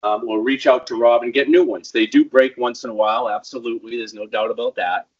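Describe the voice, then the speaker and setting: A man's voice: mid-range voice, steady tone, a little fast, slightly rough, lo-fi sound. A man giving hands-on equipment training in a casual, rambling way, with frequent ums.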